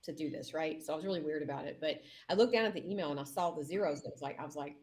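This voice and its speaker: Woman mayor guest, low voice, emotional storyteller, casual interview. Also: rapid-fire, few pauses, darkish tone. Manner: emotional, acts out quotes in her story. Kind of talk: heartfelt campaign storytelling.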